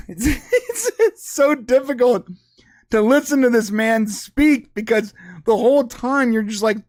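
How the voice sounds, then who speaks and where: A man's voice: very high voice, lively intonation, measured pace. A man hosting a podcast with a speech impediment, rambling through a list with amused asides in a casual chat. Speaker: podcast host.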